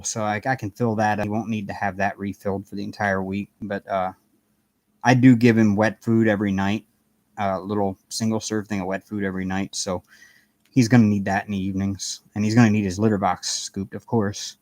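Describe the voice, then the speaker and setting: A man's voice: lowish voice, fairly even intonation, moderate pace, darkish tone, no echo. A man hosting a casual live stream from his apartment, chatting in a rambling way and greeting viewers by name. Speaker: livestream host chatting with viewers. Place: home apartment.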